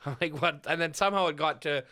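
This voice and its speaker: A man on a podcast telling a rowdy drinking story in casual chat, swearing freely and loudly mimicking a friend. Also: a little high, fast, no echo, studio quality. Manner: profane, loud when mimicking a friend. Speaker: podcast co-host.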